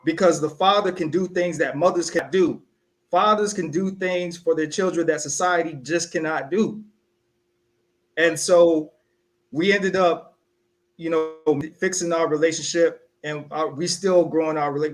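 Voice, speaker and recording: A young man from South Carolina co-hosts a casual podcast, recounting a personal story in an animated, conversational way. His voice sits a touch higher than most men's, and he slips into the voices of the people he quotes. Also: unhurried, a little hiss or hum. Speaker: podcast co-host.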